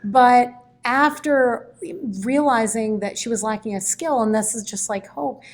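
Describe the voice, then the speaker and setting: A woman educator tells a classroom story with real animation, her voice rising and falling as she goes. Her voice sits a little higher than most women's. She talks through it as a guest in a relaxed conversation. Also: measured pace.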